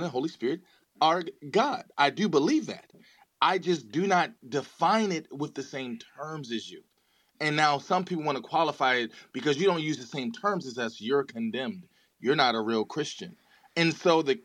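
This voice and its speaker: A man's voice: on the high side, expressive, normal speed, fairly bright tone, no echo. A man making an earnest case in an online audio chat room, often repeating words as he starts a thought. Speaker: debate participant. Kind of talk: earnest theological debate.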